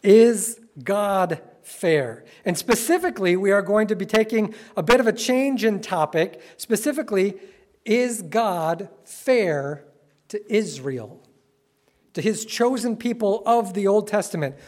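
A man delivers a sermon to a congregation in a church. He tells stories in an easy, conversational way, then slows right down to stress his key words. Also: sits high, expressive. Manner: conversational, playful storytelling with sudden slow emphatic phrases. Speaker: pastor.

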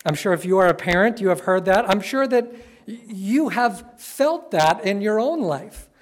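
Guy preaching a sermon in church, chatty storyteller, drags out the big words slow. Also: sits high, lively intonation. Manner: conversational, playful storytelling with sudden slow emphatic phrases. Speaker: pastor. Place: church sanctuary with congregation.

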